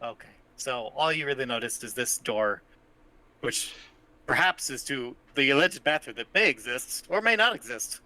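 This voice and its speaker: A man's voice: medium pitch, expressive, moderate pace, sharp tone, dry recording. A man narrating as game master of a tabletop game, laughing often and swearing freely.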